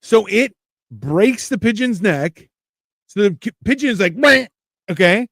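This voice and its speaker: Dry-sounding man telling animated stories. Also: sits high, a little slow, no room sound. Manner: animated anecdotes with acted-out quotes. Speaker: podcast host. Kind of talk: casual chat. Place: Toronto area.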